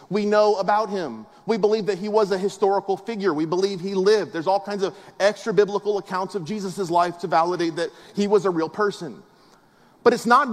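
High-voiced pastor preaching in a reverberant hall. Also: male voice. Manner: conversational, emphatic preaching with rhetorical questions. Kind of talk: sermon. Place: large church auditorium. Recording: long hall reverb with faint music.

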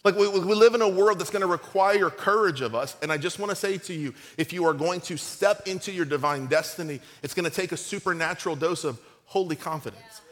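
Man, middle-aged, pastor, high-pitched, has a cold, storytelling sermon. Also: brisk, in a large hall. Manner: storytelling, animated and conversational, acts out quotes.

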